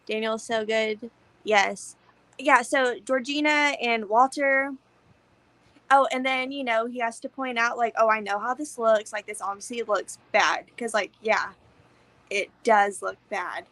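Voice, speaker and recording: Animated young woman on a podcast. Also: on the high side, measured pace, no echo, poor audio. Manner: animated, swears freely, acts out scenes. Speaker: podcast co-host. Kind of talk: casual movie discussion.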